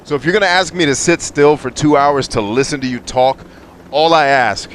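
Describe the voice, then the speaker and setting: A man's voice: fairly high pitch, moderate pace, fairly bright tone, a little hiss or hum. A young man streaming a game and ranting bluntly about stories, with plenty of profanity and strong opinions. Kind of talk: live game stream commentary.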